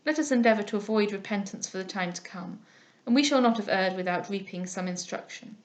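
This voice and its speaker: A woman reading aloud, voicing an elderly male guardian who speaks softly, mildly and solemnly. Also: mid-range voice, brisk, natural voice. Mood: grave. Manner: soft, mild, solemn speech.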